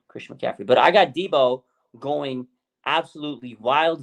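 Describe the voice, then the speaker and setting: Hyped guy on a fan show making bold calls, keeps repeating names, voice shoots up when he gets excited. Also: mid-range voice. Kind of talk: excited casual sports talk.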